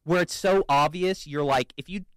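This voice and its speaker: A man's voice: fairly high pitch, normal speed, fairly bright tone, smooth, dry recording, clean studio sound. A man in his twenties chatting casually on a podcast, telling stories and acting out quotes. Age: 20s. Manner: storytelling, acts out quotes. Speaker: podcast co-host. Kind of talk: casual chat.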